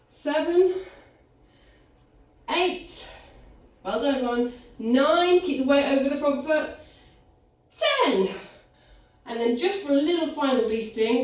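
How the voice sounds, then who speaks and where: A woman leading a live online pilates class, counting reps aloud with upbeat cues, out of breath. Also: sits high. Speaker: pilates instructor. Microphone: video call. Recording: echoey room, distant from mic.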